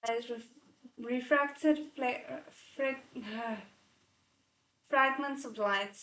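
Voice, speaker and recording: A woman's voice: fairly high pitch, very slow, fairly bright tone, roomy sound, a little hiss or hum, poor audio. A woman reading a novel aloud, breaking off for emotional, tearful comments. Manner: emotional, tearful asides between passages. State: choked up from crying. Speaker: novel readalong host.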